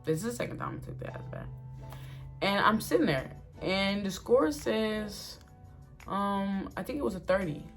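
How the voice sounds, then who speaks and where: A young woman chatting casually to her viewers as she tells a story, full of "like" and "y'all", with lively ups and downs. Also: medium pitch, moderate pace, soft background music. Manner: chatty and expressive, fillers like "like", addresses viewers as y'all. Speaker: vlogger telling a story.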